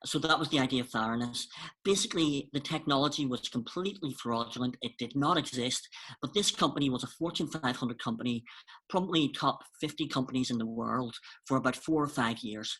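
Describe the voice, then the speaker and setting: A man's voice: medium pitch, a little fast, a bit bright, husky, rough recording. A man hosting a casual podcast, explaining a story with enthusiasm and plenty of ums. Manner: enthusiastic, explaining with many fillers. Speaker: podcast host.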